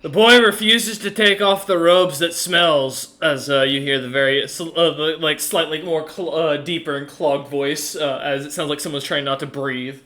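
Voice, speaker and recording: A man running a tabletop game, with a fairly high voice. He narrates loosely, with frequent laughter and a stream of fillers and restarts. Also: normal speed, few pauses, bright, forceful tone. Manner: rambling, laughing, full of fillers. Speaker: game master.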